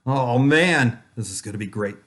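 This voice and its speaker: Man doing Julius, a gentle kids' puppet. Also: mid-range voice, expressive, natural voice. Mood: cheerful. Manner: gentle, slow, focused, talks straight to kids. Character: calm, friendly male children's puppet.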